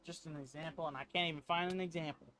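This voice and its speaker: A man co-playing on a stream, chatting casually and quietly while looking for something. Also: fairly high pitch, fairly even intonation, fast talker, soft background music. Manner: quiet, distracted, searching while talking. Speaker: co-player on stream. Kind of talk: casual chat.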